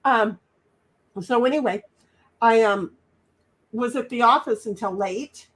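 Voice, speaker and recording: Chatty high-voiced woman host. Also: takes it slowly. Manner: rambling, chatty, talks while eating. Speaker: livestream host. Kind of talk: casual chat.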